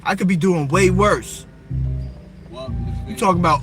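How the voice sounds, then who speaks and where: Man, high voice, heated profane livestream rant, loud hip hop beat behind. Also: moderate pace, long pauses. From Philadelphia area, USA. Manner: angry, profane, confrontational, talks straight at the viewer. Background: hip hop music.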